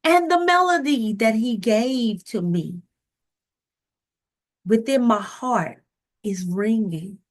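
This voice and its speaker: A woman with a Southern US accent giving a slow, emotive devotional talk about a hymn, often calling out to her listeners. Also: on the high side, expressive. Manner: slow, tender, emotive delivery addressing listeners as y'all. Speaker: ministry speaker and recording artist.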